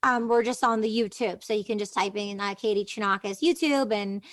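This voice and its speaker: A woman's voice: mid-range voice, fairly quick, no echo. A woman hosting an interview, chatty and affirming, who sums up her guest's points in casual talk. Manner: chatty, affirming, fills in with "mm-hmm". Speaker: interview host.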